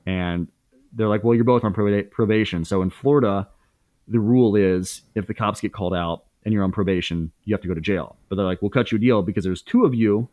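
A man's voice: on the low side, a little fast, darkish tone, no echo, highs cut off. A man in his thirties as a podcast guest, candidly telling a story in casual speech, swearing freely with many fillers and restarts.

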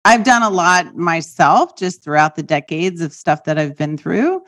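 A woman's voice: on the low side, expressive, unhurried, a bit bright. A woman hosting a podcast who listens supportively, affirms her guest often and chats casually. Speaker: podcast host. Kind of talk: conversational interview.

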